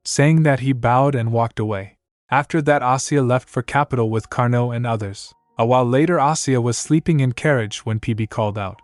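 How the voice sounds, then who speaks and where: A man's voice: medium pitch, fairly even intonation, moderate pace, no echo, faint music behind. Man narrating a story recap.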